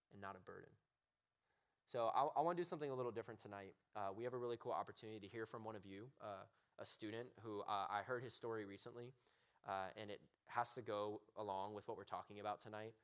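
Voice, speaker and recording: A young man preaches to a room of students. His delivery is earnest, rising into loud, pleading emphasis on key points, with a mid-range pitch. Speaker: youth pastor. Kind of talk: youth sermon. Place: youth service room with audience.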